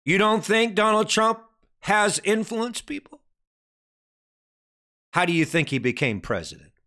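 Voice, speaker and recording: A man preaching a dramatic sermon, hammering questions at his listeners and then sinking to a low, grave tone. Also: very animated, measured pace, bright, forceful tone. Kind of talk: impassioned sermon commentary.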